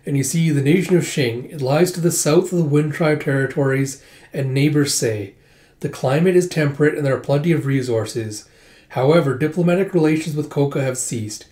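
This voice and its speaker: A man's voice: a little high, a little fast, a little mellow, echoey room. A man hosting a casual comic readthrough, chatting and reading the lines aloud.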